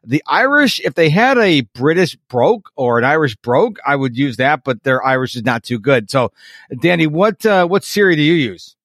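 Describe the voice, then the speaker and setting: A man's voice: a little high, big pitch swings, normal speed, fairly bright tone, dry recording, studio quality. A man co-hosting a casual tech podcast, chatty and playful as he jumps between topics. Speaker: podcast co-host.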